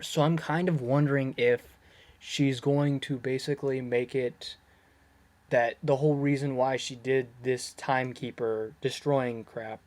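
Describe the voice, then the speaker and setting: A person casually recapping a TV episode, rambling, laughing often, losing track of words and getting excited when puzzled. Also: mid-range voice. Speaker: video creator reviewing a TV episode. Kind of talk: casual chatty episode breakdown.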